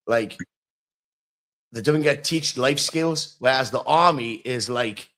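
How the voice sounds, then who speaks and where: A man hosts a relaxed interview chat, asking questions in a plain, unpolished way. He pauses often on ums and speaks at an ordinary pitch. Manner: plain-spoken, hesitant with ums. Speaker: podcast host.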